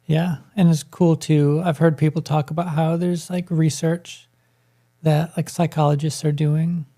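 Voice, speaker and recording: Man co-host, dark mellow tone, gravelly edges, relaxed chat. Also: on the high side, unhurried. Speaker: podcast co-host. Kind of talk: casual chat.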